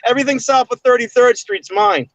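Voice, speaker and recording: A man's voice: very high-pitched, fairly quick, no room sound, lo-fi sound. A man on a call-in panel, joking profanely and laughing often. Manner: profane, playful, laughs a lot. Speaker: panel member.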